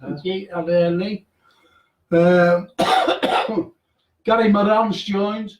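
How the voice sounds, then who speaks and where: A man's voice: sits high, steady tone, extremely slow, far from the mic, a little hiss or hum. A man hosting a live radio show. He reads out listeners' names and messages in a chatty way, then tells a ghost story with stammering restarts. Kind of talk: casual chat, live show. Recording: echoey room, away from the mic.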